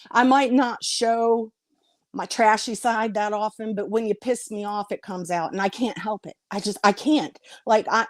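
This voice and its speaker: A woman's voice: medium pitch, no room sound, clean studio sound. A woman YouTuber ranting to her viewers on her vlog, blunt and confrontational, swearing freely. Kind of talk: heated vlog rant to viewers.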